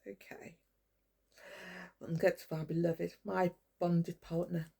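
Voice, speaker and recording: Slow and flat in delivery, an older woman with a fairly low, creaky, dark voice and a breathy edge rants to camera as a vlogger. She's furious and rambling, cursing often and speaking directly to people she names.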